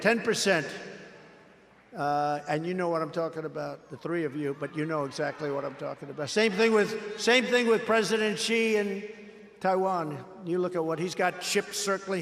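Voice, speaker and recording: This older politician addresses a large rally at normal speed, his voice on the high side and a bit bright. Boastful and repetitive, he dramatizes conversations with others while long hall reverb fills the space.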